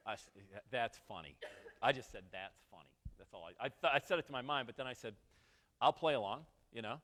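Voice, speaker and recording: A man's voice: mid-range voice, fairly quick, big-room sound. A man in his forties from Western New York, a motivational speaker telling a personal story with jokes and asides to the audience. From Western New York, USA. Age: 40s. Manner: animated, joking asides to the audience. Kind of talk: storytelling keynote talk. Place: event hall.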